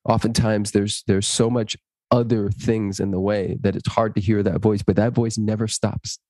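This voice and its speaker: A man's voice: fairly low pitch, dry recording. A man, a guest in an interview, telling stories animatedly and speaking in an earnest, inspirational way. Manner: animated, acts out dialogue in stories; slow, earnest inspirational delivery. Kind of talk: interview storytelling.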